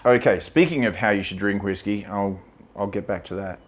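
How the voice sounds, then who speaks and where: A man with a fairly low voice talks casually about whisky, blunt and opinionated, swearing freely. He chats loosely with plenty of fillers as he tastes. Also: moderate pace. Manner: chatty with many fillers. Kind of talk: casual whisky tasting talk. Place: lives in Vietnam.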